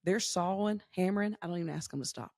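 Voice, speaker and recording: A woman's voice: on the low side, fast, dry recording, clean studio sound. A woman, a nonprofit founder telling her story in a casual interview and acting out the voices of the people in it. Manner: lively storyteller acting out quotes.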